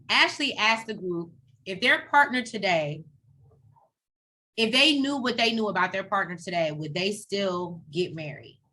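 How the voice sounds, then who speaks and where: A woman co-hosting a casual TV recap, retelling scenes in a chatty way and acting out the people in them. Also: medium pitch. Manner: chatty, animated retelling with quoted voices. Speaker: co-host of a TV recap show.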